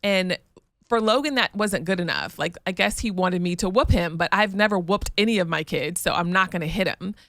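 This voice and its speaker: A woman in her thirties co-hosts a relaxed chat and spins a family story with plenty of lively back-and-forth. Her voice has a gravelly fry running through it, and the sound is close and dry with no room around it. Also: fairly low pitch, brisk, no room sound. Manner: lively storyteller who acts out family scenes. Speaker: podcast co-host. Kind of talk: casual chat.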